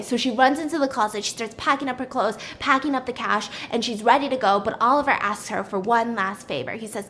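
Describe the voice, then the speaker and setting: A woman's voice: on the high side, fast, slight background noise. A young woman casually retelling a story while baking for her vlog, acting out the characters and laughing often. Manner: animated, voices the characters in quotes, laughs often.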